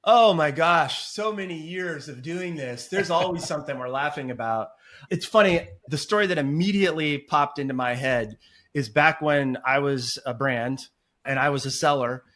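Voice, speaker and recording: A talkative man as a podcast guest, telling stories in animated, rambling interview chat. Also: a little high, normal speed. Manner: talkative and animated, apologizes for long answers. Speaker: podcast guest, agency founder.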